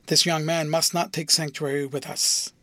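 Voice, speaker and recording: A man voicing a prudent, evasive older cathedral dean in an audiobook, speaking smoothly and hedging every point. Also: fairly high pitch, level tone, moderate pace, pushed and bright, no echo. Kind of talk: audiobook character voice.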